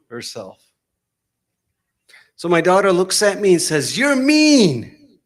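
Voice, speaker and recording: A middle-aged man, giving a sermon in a mosque hall, telling stories that break into sudden loud outbursts. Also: medium pitch. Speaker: preacher.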